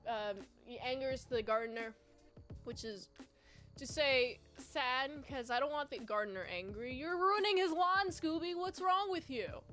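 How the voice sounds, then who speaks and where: A woman's voice: high-pitched, measured pace, fairly bright tone, soft background music. A woman giving a casual, playful, rambling movie review.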